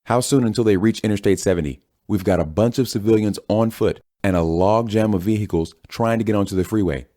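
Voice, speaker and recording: A man's voice: fairly low pitch, brisk, hardly any pauses, warm tone, no room sound, studio quality, pitched above the performer's own voice, natural voice. A man voicing a male officer coordinating an evacuation in an urgent, clipped way.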